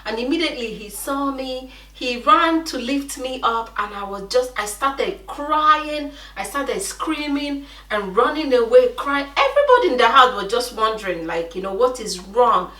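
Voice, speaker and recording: Lively Nigerian woman, echoey kitchen. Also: on the high side, normal speed, few pauses. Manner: animated chatty storyteller, often addresses viewers as guys. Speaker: vlogger. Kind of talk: cooking vlog storytime. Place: home kitchen. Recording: echoey room, mic at a distance.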